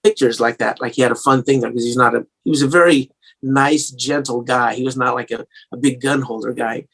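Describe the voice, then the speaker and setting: A man's voice: medium pitch, steady tone, fairly quick, creaky, fairly bright tone, slightly rough. A man with a slightly English-tinged American accent, a singer-songwriter telling stories in a casual interview, rambling with many fillers and restarts.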